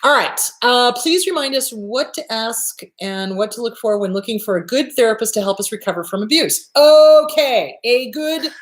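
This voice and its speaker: A woman's voice: a little high, expressive, normal speed, hardly any pauses. Blunt, emphatic woman therapist. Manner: blunt, emphatic, swears freely, acts out quoted voices. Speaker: therapist and show host. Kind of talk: blunt advice talk. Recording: echoey room.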